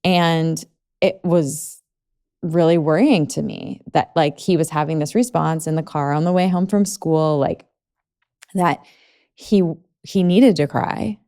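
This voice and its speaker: Low gravelly woman, chatty podcast host. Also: measured pace, dark tone. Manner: rambling, lots of "like". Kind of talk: conversational podcast interview.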